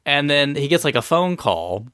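A man co-hosting a casual gaming podcast, retelling scenes with animated delivery. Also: fairly high pitch, moderate pace, smooth, no echo, clean studio sound. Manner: animated storytelling.

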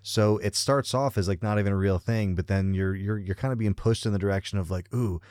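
A man's voice: on the low side, steady tone, fairly quick, darkish tone, clear, resonant tone, no echo, studio quality. A man, a parent, chatting casually about movies as a podcast co-host, rambling with lots of "you know" and "like" fillers. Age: parent of children.

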